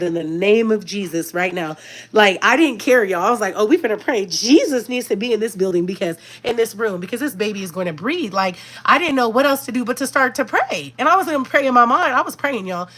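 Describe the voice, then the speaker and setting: A woman, a doula, earnestly telling her viewers a heartfelt birth story and often calling them "y'all". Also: mid-range voice. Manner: earnest, repeats "y'all", animated retelling. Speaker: doula and vlogger.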